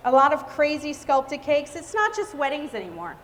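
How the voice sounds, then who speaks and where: A woman's voice: high voice, big pitch swings, normal speed. A woman giving a live cake decorating demonstration, chatty and exclamatory. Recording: reverberant hall with faint noise.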